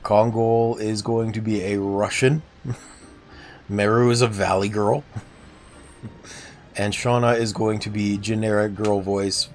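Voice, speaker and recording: A man's voice: on the low side, little pitch movement, slow, long pauses, slight background noise. A man casually chatting on a game livestream, self-deprecating and answering viewers' chat. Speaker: game streamer.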